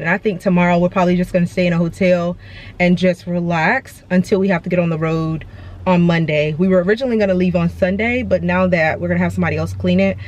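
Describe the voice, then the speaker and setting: A woman's voice: lowish voice, a little mellow. A woman chatting casually to viewers on her vlog. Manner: chatty, talks straight to viewers. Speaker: vlogger. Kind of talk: casual chat to camera. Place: apartment and outdoors on moving day.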